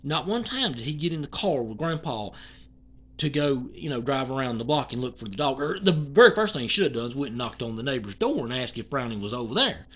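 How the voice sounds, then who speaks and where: A YouTuber, rambling through an indignant opinion commentary and swinging between loud and hushed talk. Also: medium pitch, sing-song, fairly quick, slightly rough.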